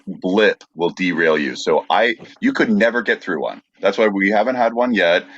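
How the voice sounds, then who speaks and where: A man hosting a podcast, dry and steady, explaining topics in casual chat. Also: low voice, highs cut off. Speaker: podcast host.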